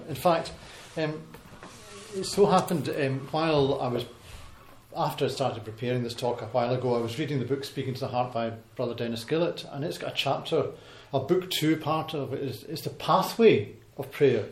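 A man gives an informal talk about faith to a gathered congregation. He speaks hesitantly, filling pauses with ums and restarting phrases. The sound is roomy and echoey, with a faint background hiss. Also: mid-range voice, darkish tone. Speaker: speaker giving a Bible talk. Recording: echoey hall with faint noise.

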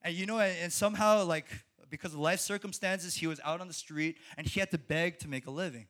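Young male preacher, high voice, animated, laughs often and stumbles into restarts. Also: fast. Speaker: speaker at a college ministry. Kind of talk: sermon.

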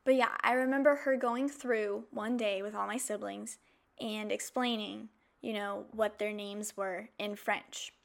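A woman hosting a podcast, telling personal stories in a casual, animated way, with playful asides and mock outrage. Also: medium pitch, measured pace, gravelly. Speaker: podcast host. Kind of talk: casual chatty monologue.

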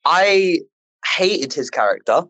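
A man co-hosting a casual film podcast with friends, ranting in slang in an animated way. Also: a little high, slow pace, no echo. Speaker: podcast co-host.

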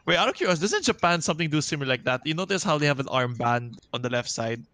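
A young man on a casual podcast who asks curious questions and jokes around, laughing easily. His delivery is relaxed and conversational. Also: a little high. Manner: playful, curious, quick to laugh. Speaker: podcast co-host. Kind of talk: casual chat.

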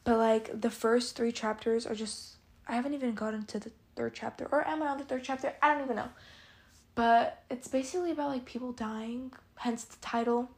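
A woman's voice: a little high, steady tone, fairly quick, a little mellow. A teenage girl hosting her own podcast, rambling candidly in casual chat with lots of filler words. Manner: candid, confiding. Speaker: podcast host.

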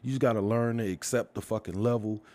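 A man's voice: on the low side, steady tone, quick pace, darkish tone. A man giving a casual, profane rant as a vlogger, blunt and heated, firing off rhetorical questions.

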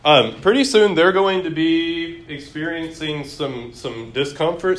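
Leading a Bible class in a room, this teacher reads scripture aloud and poses questions to the group for interactive teaching. His voice is a little high, unhurried, with few pauses.

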